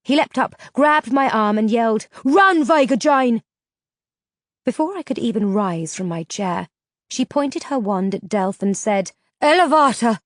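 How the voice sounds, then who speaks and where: A woman narrating a fantasy novel in the first person with steady storytelling. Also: medium pitch, moderate pace, dry recording, studio quality. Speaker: audiobook narrator.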